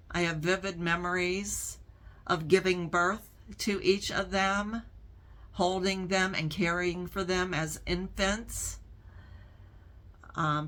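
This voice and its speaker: Slow, deliberate woman host, bright tone. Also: lowish voice. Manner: slow, deliberate and reflective, pausing often between phrases. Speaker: channel host answering viewer questions. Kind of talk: casual Q&A talk to camera.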